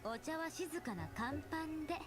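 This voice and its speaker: A woman voicing a perky young woman soldier in a game, bright and cheerfully ruthless. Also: high voice, lively intonation, fast talker. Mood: impish. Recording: game audio with music behind.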